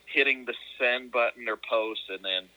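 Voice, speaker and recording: A man's voice: mid-range voice, normal speed, pushed and bright. A man talking as a podcast guest over a phone call, in rambling casual chat full of restarts and self-mocking laughs.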